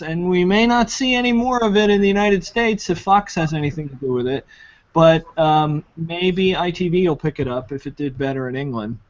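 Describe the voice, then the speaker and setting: A man chatting casually on a panel, laughing often and trailing off with fillers. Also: fairly high pitch. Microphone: video call. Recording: lo-fi online call audio.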